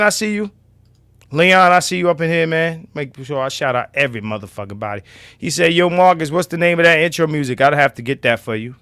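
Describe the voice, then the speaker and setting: A man hosting a casual livestream, loud and profane, now and then dropping to a low mutter. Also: dry recording. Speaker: livestream host.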